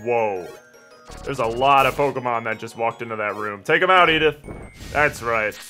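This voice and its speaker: A man hosting a let's play, commentating excitably and yelling at his teammate and the game. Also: mid-range voice, fairly quick, faint music behind.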